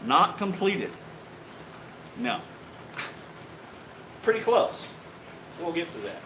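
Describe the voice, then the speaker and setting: Laid-back swearing bladesmith host. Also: male voice, on the high side, extremely slow, background noise. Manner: relaxed, joking, swears freely, many fillers. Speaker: host, bladesmith on a live stream. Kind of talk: casual live-stream sign-off.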